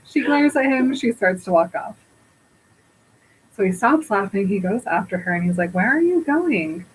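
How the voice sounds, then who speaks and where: A woman's voice: mid-range voice, normal speed, slight background noise, low-quality recording. A woman podcast co-host casually retelling a book chapter, acting out the dialogue as she goes. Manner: animated retelling with quoted dialogue and laughter. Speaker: podcast co-host recapping a novel.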